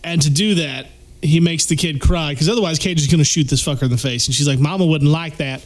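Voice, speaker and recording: A man's voice: fairly high pitch, fast talker. A man in casual podcast chat, bluntly picking apart a movie's plot with profane asides. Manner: blunt, profane, explains scenes at length. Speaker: podcast co-host.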